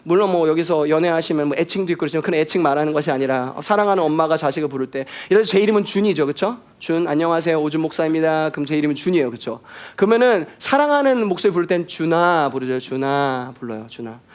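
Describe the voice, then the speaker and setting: Male pastor, rapid-fire emphatic bilingual sermon, slightly high voice. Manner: switches between English and Korean, lively and emphatic.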